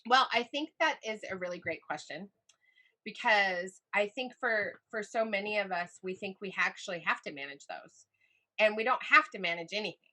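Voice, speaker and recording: Bright, expressive middle-aged woman coach. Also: moderate pace. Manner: expressive, acts out quotes with big pitch jumps. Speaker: guest, life coach. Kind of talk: animated conversational storytelling.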